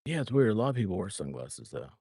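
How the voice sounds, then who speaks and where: A man with a Southern American accent and a low voice tells rambling stories and chuckles between phrases. The sound is dry and close. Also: big pitch swings, quick pace, mellow, husky, no echo. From Memphis, Mid-South United States. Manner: laid-back, rambling, laughs mid-sentence. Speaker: co-host. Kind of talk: casual storytelling chat.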